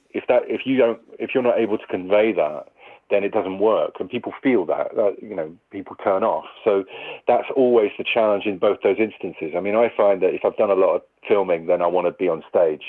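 Male actor as interview guest, deep voice, restarts often, tinny lo-fi line. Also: normal speed. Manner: thoughtful, rambling with many restarts and fillers. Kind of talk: conversational interview.

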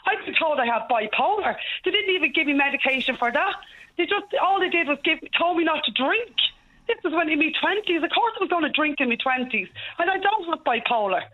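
A woman's voice: high-pitched, animated. Emotional Irish woman on a phone line. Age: 40s. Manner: rapid, tumbling, unstoppable talk. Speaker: caller. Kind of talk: emotional call-in radio talk.

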